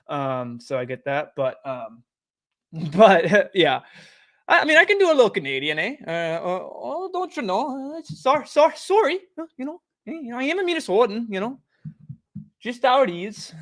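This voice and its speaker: Young male streamer at home, loose and chatty, on a desk mic, with a slightly higher voice. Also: a bit bright. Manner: easygoing, rambling, chatty. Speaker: streamer and show host. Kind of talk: casual live-stream chat. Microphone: desk microphone.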